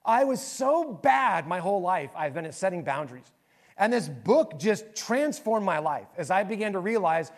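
A male pastor giving a sermon, telling stories in an animated way and swinging between raised, lively bursts and soft, hushed passages. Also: high voice, moderate pace.

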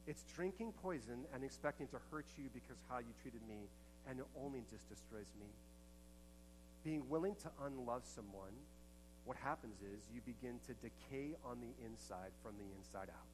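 A man's voice: medium pitch, normal speed, noisy background. Earnest preacher man, impassioned delivery. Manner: earnest and emphatic, swings between hushed and impassioned. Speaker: pastor. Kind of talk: sermon.

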